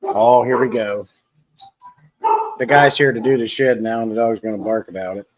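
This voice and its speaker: A man's voice: medium pitch, steady tone, moderate pace, rough recording. A man casually hosting a home live stream, rambling and joking as he answers chat and people in the room.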